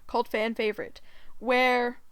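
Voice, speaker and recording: A woman's voice: fairly high pitch, little pitch movement, unhurried, a bit bright, clear, resonant tone, no room sound. A woman hosting a casual storytime vlog, giggly and rambling with many fillers. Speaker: gaming channel host.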